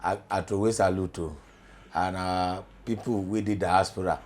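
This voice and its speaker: A middle-aged man with a Nigerian accent, a journalism lecturer talking as a studio guest in pidgin, animated and emphatic. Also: low-pitched, normal speed. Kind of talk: studio talk show in pidgin.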